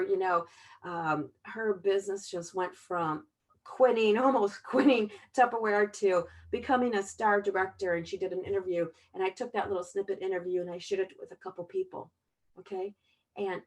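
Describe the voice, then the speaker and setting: A middle-aged woman giving a casual sales training talk, chatty and warm-toned, checking in with "okay?" after almost every point. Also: mid-range voice, moderate pace. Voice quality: chatty, repeats "okay?" often.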